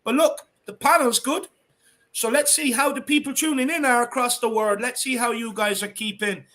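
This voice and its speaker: High-voiced Irish man hosting a fan stream. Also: steady tone, normal speed, sharp tone. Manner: upbeat, greets viewers by name with Irish slang. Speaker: host of a fan livestream. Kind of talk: casual livestream chat.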